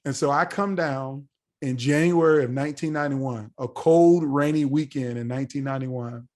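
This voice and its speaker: A man's voice: mid-range voice, normal speed. A middle-aged man from the United States telling a story as a podcast guest, acting out the voices of the people he quotes. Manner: animated, acts out quoted voices. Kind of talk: storytelling in a casual interview.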